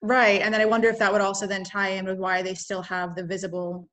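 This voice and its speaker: A woman's voice: medium pitch, flat delivery, fairly bright tone. A woman scientist co-host who chimes in curiously with questions and ideas. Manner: curious, quick, interjecting. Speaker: marine mammal scientist co-host. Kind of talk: casual educational chat.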